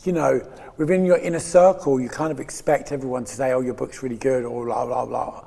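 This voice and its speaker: A man's voice: mid-range voice, fairly even intonation, fairly quick, gravelly, dark tone, big-room sound. A man in his fifties from England, guest in a candid interview, talking in a rambling, emotional way with frequent laughs and restarts. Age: 50s.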